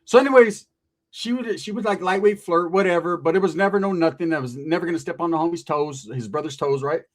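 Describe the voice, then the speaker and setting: A man's voice: a little high, fast. A middle-aged man casually telling a story from his past, full of profane street slang and quoted dialogue. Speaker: podcast guest telling a story.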